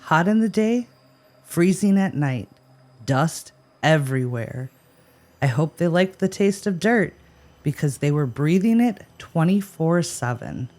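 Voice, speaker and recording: A woman's voice: low voice, animated, unhurried, darkish tone. A woman co-hosting a podcast, telling a history story with playful, jokey asides. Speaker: podcast co-host. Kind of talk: scripted podcast banter.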